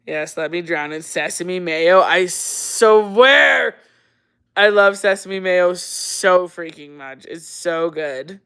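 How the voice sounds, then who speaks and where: Bright, smooth woman chatting on a livestream. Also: lowish voice, slow. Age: 30s. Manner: chatty, laughing, reads viewer comments aloud. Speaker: livestream host. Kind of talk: casual livestream chat.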